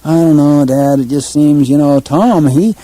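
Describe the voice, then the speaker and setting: A man's voice: on the high side, mellow, voice pushed up, lightly acted, poor audio. A man voicing a hesitant college-age son who stammers and trails off. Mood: fretful. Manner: halting, stammering, unsure.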